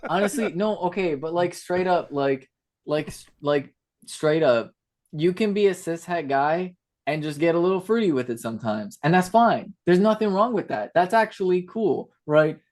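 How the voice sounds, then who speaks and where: A woman's voice: lowish voice, lively intonation, normal speed, a little mellow. A woman guest on a podcast speaking earnestly and emphatically. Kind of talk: casual conversational chat.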